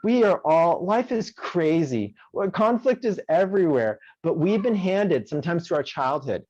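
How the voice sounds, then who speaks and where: A man's voice: a little high, very animated, moderate pace, a little mellow, no echo, muffled recording. A man working as a conflict mediator, talking in an interview and telling stories animatedly, acting out the voices of the people he quotes. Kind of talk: conversational interview.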